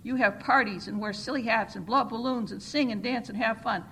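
A woman reading a story aloud to a church congregation, with an expressive storytelling delivery. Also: fairly high pitch, a little fast, slight background noise, poor audio.

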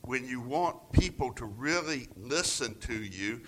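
A man preaching a sermon, retelling scripture with dramatic swings from loud passages to near-whispers and acting out quoted voices. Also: expressive, unhurried. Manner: acts out quoted voices with raised pitch. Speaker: pastor.

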